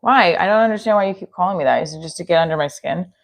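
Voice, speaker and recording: A comedian in her forties with a New Jersey accent livestreams from her home kitchen, talking rapid-fire in a lowish voice. She chats casually and reads out and answers comments as she goes.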